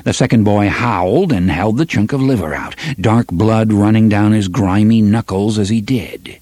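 A man narrating an audiobook with an expressive, varied delivery. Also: fairly low pitch, normal speed, dry recording.

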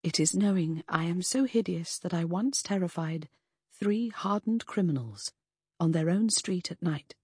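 A woman voicing a scarred, veiled woman who speaks softly and ruefully, in a period audiobook. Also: lowish voice, lively intonation, measured pace, breathy edge, dry recording, studio quality. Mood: wounded. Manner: soft, rueful speech.

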